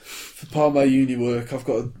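A man's voice: mid-range voice, a little fast. A man in his twenties co-hosting a casual chat, reviewing films in a blunt, wry way. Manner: blunt, wry, animated when ranting. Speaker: podcast co-host reviewing films.

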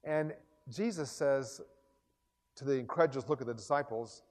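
A man preaching a sermon in a chapel, building to loud, fervent exclamations. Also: medium pitch, normal speed, big-room sound. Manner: impassioned, rising to loud exclamations.

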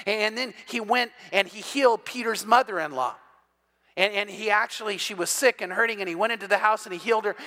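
A man preaching an evening sermon as pastor, retelling scripture in a lively storytelling way and growing loud and emphatic at key points. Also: sits high. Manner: builds from quiet to loud, emphatic.

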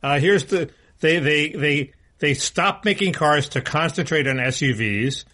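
A man with a fairly high, sharp-toned voice speaks unhurriedly as co-host of a casual political podcast. He talks bluntly and often restarts his sentences.

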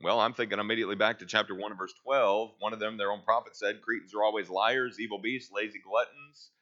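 A man's voice: lowish voice, steady tone, fast, pushed and bright, muffled recording. A man teaching a Bible class, reading verses aloud and asking his listeners questions that he then answers himself.

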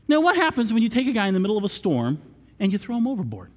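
A man preaching a sermon, retelling a story theatrically and swinging between shouts and whispers. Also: high-pitched, huge pitch swings, very fast. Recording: long reverb of a large room.

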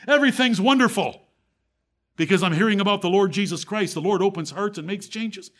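A man with a high voice preaches a sermon to his assembly. He asks rhetorical questions and quotes scripture. His delivery climbs to fervent peaks, then sinks to a hushed, low tone. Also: fast. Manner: preaches with rising fervor, then drops to a low, quiet tone; rhetorical questions and Bible quotations.

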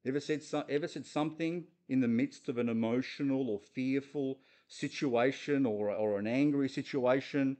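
A man's voice: medium pitch, moderate pace, hardly any pauses, warm tone. A man preaching a conversational sermon, earnest and putting questions straight to his listeners. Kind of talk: conversational sermon on a Bible passage.

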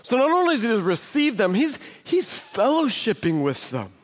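A man's voice: very high-pitched, wildly swooping pitch, moderate pace. A man preaching a sermon as pastor, conversational and emphatic, full of rhetorical questions. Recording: long hall reverb.

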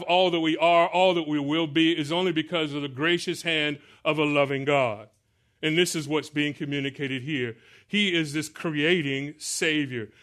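A man preaching a sermon with a bright, forceful voice that sits a little higher than most men's. He calls on the congregation to answer him back and leans hard on each scripture line. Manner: call-and-response preaching, asks the congregation to answer; emphatic, slows to stress scripture lines. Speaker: pastor.

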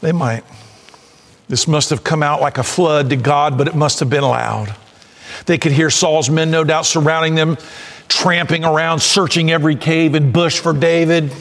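A man's voice: fairly high pitch, fairly even intonation, moderate pace. Impassioned preacher man in echoing hall. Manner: impassioned preaching that swells to shouts. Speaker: pastor. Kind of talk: sermon. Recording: long reverb of a church hall.

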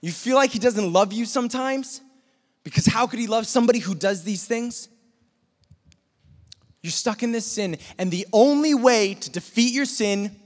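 Man preaching in an echoing hall. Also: sits high. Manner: animated storyteller, imitates paintball gunfire and shouts. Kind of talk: sermon with a personal story. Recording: long reverb of a hall.

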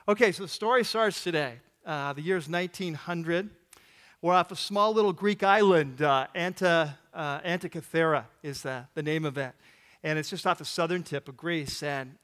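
A man speaking as a pastor from the pulpit, his voice sitting a little high. He tells his sermon story in a loose, animated way, stumbling through fillers and restarts as he goes. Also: long reverb tail.

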